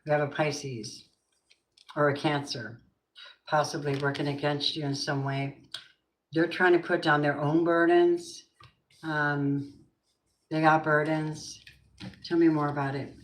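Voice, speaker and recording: A woman's voice: low voice, level tone, measured pace, long pauses, slight background noise. A woman giving a tarot reading, musing and asking the cards and spirit questions aloud. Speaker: tarot reader. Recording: roomy echo.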